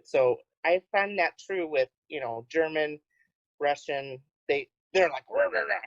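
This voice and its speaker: Slow-talking low-voiced woman. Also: dry recording, lo-fi sound. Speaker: podcast co-host. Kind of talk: casual chat.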